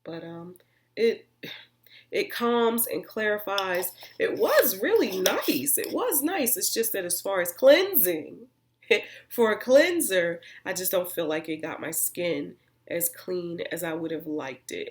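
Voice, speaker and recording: A woman's voice: mid-range voice, big pitch swings, a little slow. A woman vlogger giving a casual, chatty, rambling review of her used-up skincare products. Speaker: beauty vlogger.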